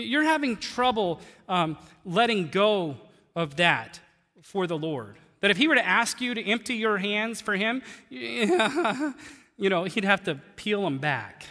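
Bright-voiced man preaching in a reverberant hall. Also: high voice. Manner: conversational, animated preaching with laughs. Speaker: pastor. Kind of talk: sermon.

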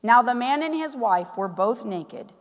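A woman preaching a sermon, animated and full of questions to the congregation. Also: a little high, a little slow, big-room sound. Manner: animated, asks the crowd many questions. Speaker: pastor's wife preaching.

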